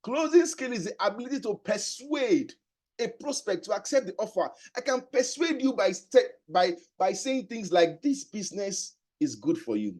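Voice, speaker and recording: A man's voice: very high voice, lively intonation, normal speed, darkish tone. A man giving a motivational sales training talk, emphatic, repeating key phrases and asking rhetorical questions. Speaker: sales and business coach.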